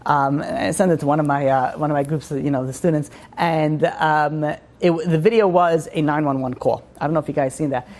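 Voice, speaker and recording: A man giving an informal religious class, rambling with many restarts and animated asides. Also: on the high side, fairly quick. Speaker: Torah teacher.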